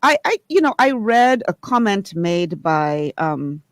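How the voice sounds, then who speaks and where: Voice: medium pitch, very animated, unhurried, no echo, clean studio sound. A speaker from the Bahamas, giving earnest, reflective open-line commentary on talk radio. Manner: earnest and reflective, praising warmly.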